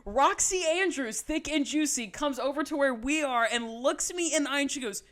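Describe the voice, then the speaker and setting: A woman, co-hosting a podcast, telling a story in casual chat, animated and laughing, swearing freely. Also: high voice, moderate pace. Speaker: podcast co-host.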